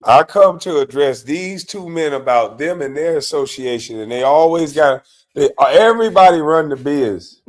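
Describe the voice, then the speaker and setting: A man's voice: on the high side, expressive, moderate pace. A man hosting a live stream, mocking and cursing his way through commentary on a clip, laughing often.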